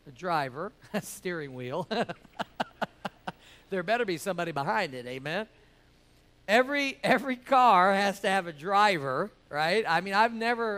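A man's voice: high-pitched, fairly bright tone. A man preaching to a church class, keeping it jokey and calling out "amen?" and "right?" to the room. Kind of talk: sermon.

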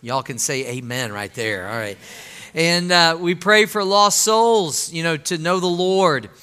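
A man's voice: on the high side, unhurried, pushed and bright, clear, resonant tone, in a large hall. A man preaching a sermon in a church, talking conversationally and asking the congregation questions. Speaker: pastor. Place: church sanctuary.

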